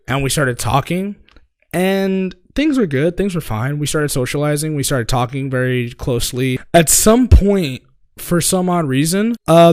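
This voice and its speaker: A man's voice: a little high, darkish tone, no room sound. Young male podcast co-host, casual rambling storyteller, swears freely, dry close mic. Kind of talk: casual chat.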